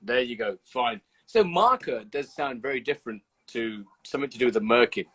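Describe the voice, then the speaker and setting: Lively, husky Brummie man laughing along. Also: mid-range voice, brisk, rough recording. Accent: Birmingham. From Birmingham, England. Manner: sweary, laughing, loses his thread. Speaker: host. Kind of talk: casual live-stream chat. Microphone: video call.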